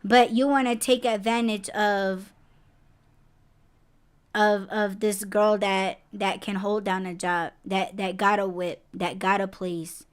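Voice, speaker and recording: A woman's voice: mid-range voice, level tone, slow, clear, resonant tone. A woman hosting a casual podcast conversation. She rants bluntly, swears a lot and breaks into emphatic, rising outbursts. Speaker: podcast host.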